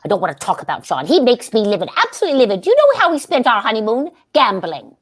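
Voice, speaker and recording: A woman's voice: fairly high pitch, huge pitch swings, quick pace. A woman playing a giggly, dotty old actress. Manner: giggly, scatterbrained, grandly theatrical. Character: dotty aging stage actress, theatrical, flighty. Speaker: actor in a staged play reading. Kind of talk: staged play reading.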